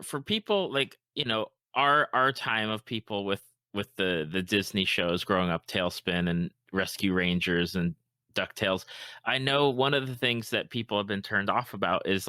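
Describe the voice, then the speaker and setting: A middle-aged man hosting a podcast in casual chat, animated and quick to laugh. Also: fairly low pitch, dry recording, studio quality. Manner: laughs easily, animated storytelling. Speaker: podcast host.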